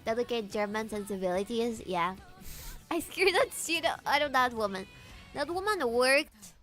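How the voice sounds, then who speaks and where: A woman streamer chatting casually with her viewers, animated, laughing often and swearing freely, with faint guitar music behind. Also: a little high. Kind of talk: casual livestream chat.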